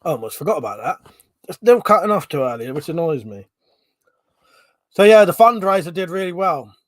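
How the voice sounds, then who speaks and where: A man chats through a live stream in a fairly high voice. He swears freely, laughs a lot and sounds a little stuffy from a runny nose. The sound is dry and close, with no room echo. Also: expressive, a little fast. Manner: chatty, sweary, laughs often. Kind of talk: casual live stream chat.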